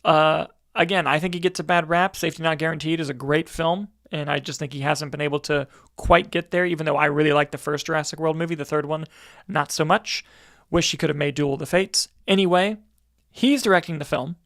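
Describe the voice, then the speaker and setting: A man's voice: on the high side, steady tone, a little fast, fairly bright tone, dry recording, studio quality. A man co-hosting a movie news roundtable podcast, talking casually with candid, profane jokes. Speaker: podcast co-host.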